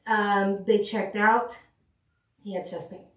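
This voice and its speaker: A woman's voice: mid-range voice, level tone, slow pace, a bit bright. Woman paramedic telling stories, echoey room. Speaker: paramedic guest. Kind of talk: casual storytelling on a podcast. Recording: echoey room, mic at a distance.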